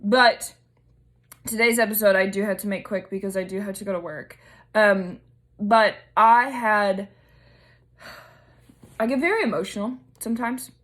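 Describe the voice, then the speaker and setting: A woman's voice: mid-range voice, normal speed, long pauses, fairly bright tone. A young woman, hosting her own podcast in a casual, chatty, emotional way with many fillers. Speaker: podcast host.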